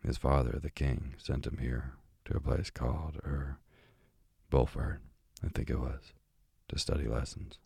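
Chatty old female parrot for a sleep storybook, read by a man in his own very deep, gravelly voice; calm and unhurried. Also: dry recording, studio quality, exaggerated voice. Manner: calm, slow bedtime reading. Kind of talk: bedtime story reading.

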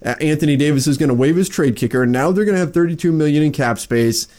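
A man's voice: a little high, quick pace, darkish tone. A man hosting a sports podcast, talking casually and often restarting his sentences. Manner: conversational, repeats words when starting. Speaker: podcast host.

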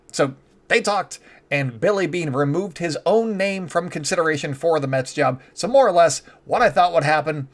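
A man giving solo baseball commentary in a chatty, opinionated way, with sarcastic asides. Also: medium pitch.

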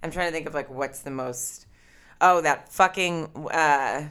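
Woman podcast co-host, low voice, casual and profane. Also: a little slow, fairly bright tone, clean tone. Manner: casual, swears freely, reads listener questions.

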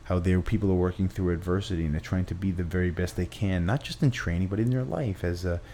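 A man's voice: low-pitched, fast talker, dark tone, slight background noise. A man, a trainer and gym owner, telling a long story in conversation, with restarts and acted quotes.

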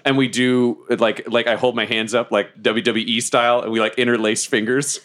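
A man's voice: mid-range voice, little pitch movement, moderate pace, a bit bright. A man playing a tabletop game, boisterous and playful, joking and laughing often. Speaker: player. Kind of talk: in-character tabletop play.

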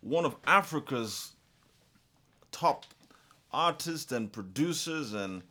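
A male host with a bright, forward voice. His pitch swings widely as he banters, playful and full of exclamations. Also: lively intonation, slow pace, a little hiss or hum. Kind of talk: casual chat.

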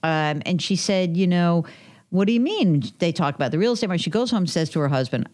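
A woman's voice: lowish voice, expressive, quick pace, a little mellow. A woman guest on a talk podcast, telling stories about personal finance, chatty and acting out quoted dialogue. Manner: chatty, acts out quoted dialogue, many fillers. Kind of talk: conversational podcast storytelling.

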